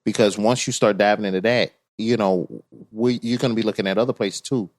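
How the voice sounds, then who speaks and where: A man co-hosting a podcast in casual chat, emphatic and animated, often asking "you know what I'm saying". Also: fairly low pitch, brisk, dry recording, clean studio sound. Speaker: podcast co-host.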